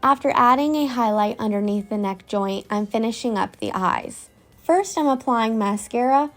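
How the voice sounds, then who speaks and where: A woman narrating a makeup tutorial in a calm, step-by-step scripted voice-over. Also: on the high side.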